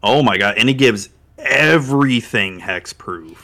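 A co-host in a casual card game chat, easygoing and agreeable, chiming in with quick reactions. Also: medium pitch, animated, pushed and bright.

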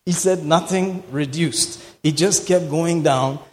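Slow preacher man in an echoing hall. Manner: emphatic, swinging from low murmurs to sudden shouts. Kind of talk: sermon. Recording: long hall reverb.

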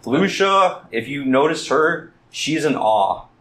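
A man running a tabletop game as game master, narrating in a halting, easygoing way with many fillers. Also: on the high side, lively intonation, a bit bright.

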